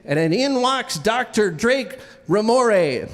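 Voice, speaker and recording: High, animated male storyteller. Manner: wry, self-deprecating, halting restarts. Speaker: featured storyteller. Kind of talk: live comedic storytelling. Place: stage at a live venue. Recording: reverberant live hall.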